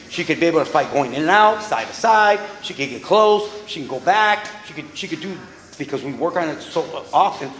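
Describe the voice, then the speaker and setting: A man working as a boxing trainer, talking bluntly and with plenty of profanity as he coaches in a boxing gym. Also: high-pitched. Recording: echoey hall with long reverb.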